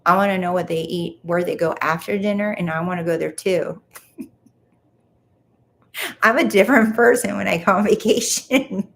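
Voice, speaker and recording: A woman's voice: mid-range voice, normal speed, gravelly, long pauses. Chatty woman hosting a late-night livestream. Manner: chatty, reads comments aloud and reacts. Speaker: livestream host reading viewer comments. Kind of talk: casual live chat.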